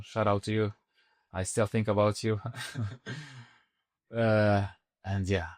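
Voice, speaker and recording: A man telling a personal story in casual conversation, often restarting sentences and acting out what people said with sudden high-pitched voices. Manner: animated, acts out quoted speech with sudden high pitch jumps; halting, restarts mid-sentence. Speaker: podcast guest.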